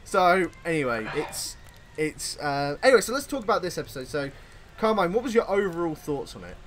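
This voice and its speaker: An English man hosting a casual podcast chat, giving blunt opinions in an animated way. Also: a little high, fairly quick, slight background noise. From Britain. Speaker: podcast host.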